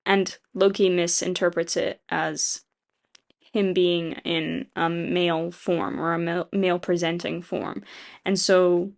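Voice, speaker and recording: A woman's voice: on the low side, flat delivery, unhurried, creaky. A woman casually retelling a story plot, rambling with lots of fillers, quoting characters in passing and swearing freely as she gives her opinions. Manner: rambling, filler-heavy, voices quoted characters. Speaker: video essayist.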